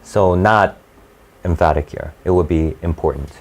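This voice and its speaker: A man teaching an SAT class live, talking in a halting, conversational way with frequent restarts and fillers. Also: deep voice. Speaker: SAT tutor.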